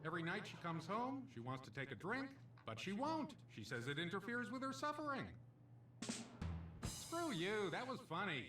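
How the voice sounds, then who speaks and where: A man's voice: high-pitched, very animated, moderate pace, roomy sound, distant mic, over music. An actor playing a cheesy male casino stand-up comedian, delivering punchy jokes and doing comic voices. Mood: brash.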